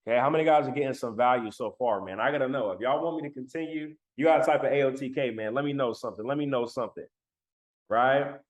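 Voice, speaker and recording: A man's voice: mid-range voice, quick pace. Emphatic man giving a livestream talk. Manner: emphatic, repeats phrases, addresses chat directly. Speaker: motivational speaker. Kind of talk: live-streamed motivational talk. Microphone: laptop mic.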